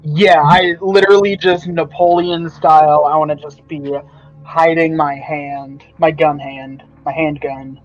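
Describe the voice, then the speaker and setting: A man's voice: on the high side, fairly even intonation, a little slow. A man playing a tabletop game, talking hesitantly with many fillers. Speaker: player. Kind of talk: casual tabletop play. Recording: dull lo-fi stream audio.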